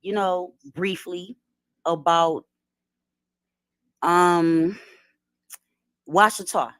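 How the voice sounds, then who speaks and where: A woman's voice: on the low side, drawn-out words, a bit bright, clear, resonant tone, dry recording. Woman explaining in a dry room. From Detroit, USA. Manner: explanatory, asks "right?" often, street slang. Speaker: guest. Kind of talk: casual conversational lecture.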